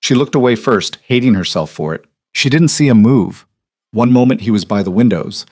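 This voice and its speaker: A man narrating a historical romance audiobook in an even, measured storytelling manner. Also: mid-range voice, dry recording, studio quality.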